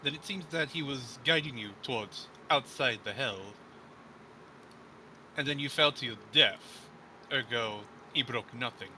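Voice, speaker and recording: A man's voice: medium pitch, a little slow, bright, forceful tone, slight background noise, low-quality recording. A man playing a tabletop game, arguing a contract point in character with lawyerly, probing questions. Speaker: player.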